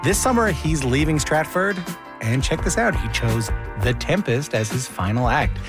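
A man's voice: mid-range voice, animated, moderate pace, music in the background. A man hosting a radio interview show, talking in a casual, chatty way. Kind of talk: hosted radio interview with intro monologue. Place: radio studio.

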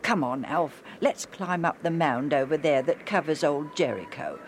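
A woman's voice: deep voice, normal speed, a little hiss or hum, lightly acted. A woman voicing Joe, a bored, restless boy who grumbles and daydreams eagerly. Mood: insistent. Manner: grumbling, then wistful and excited.

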